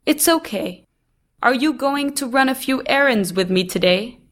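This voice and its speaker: A woman's voice: lively intonation, moderate pace. A woman voicing a busy, doting older grandmother who fusses over her family. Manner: fussy, affectionate, higher and louder than the narration.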